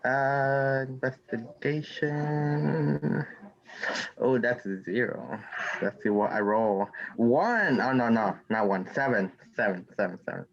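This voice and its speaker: A man's voice: lowish voice, animated, unhurried. A man playing in a tabletop game, talking casually and restarting his sentences. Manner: rambling, restarts mid-sentence. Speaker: player. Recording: dull lo-fi mic with faint noise.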